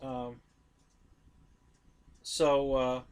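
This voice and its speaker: A man's voice: medium pitch, flat delivery, drawn-out words, clean tone. A man hosting a live stream, chatting casually about model planes, rambling, correcting himself and talking straight to his viewers.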